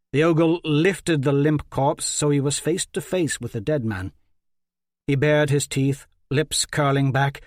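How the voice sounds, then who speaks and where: A man narrating a fantasy audiobook in a measured, even way. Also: a little high, no echo, clean studio sound.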